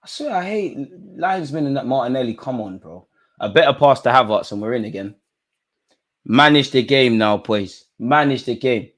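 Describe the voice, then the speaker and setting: A man reacting live to a football match, talking at players and the referee, swinging from low mutters to excited shouts. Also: normal speed. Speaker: football fan streamer.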